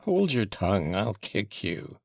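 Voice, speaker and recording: A tormented young man worn down by scorn, read by a man narrating an audiobook. The voice sits low and deep, and a heavy gravel runs through his clipped, bitter retorts. It is recorded dry, with no room around it. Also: very animated, a little slow, no echo, full character voice. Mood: scornful. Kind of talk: audiobook character reading.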